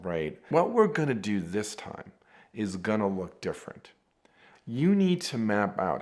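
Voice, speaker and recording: A middle-aged man giving an instructional talk on difficult conversations, conversational and animated, often tagging sentences with "right?" and retelling exchanges with a client. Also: lowish voice. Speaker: negotiation teacher.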